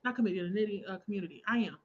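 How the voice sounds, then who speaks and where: A young adult woman hosting a relaxed crafting livestream, chatting casually, laughing often and reading out viewer comments. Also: mid-range voice, very fast, dull audio. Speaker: livestream host. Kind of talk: casual chat while crafting.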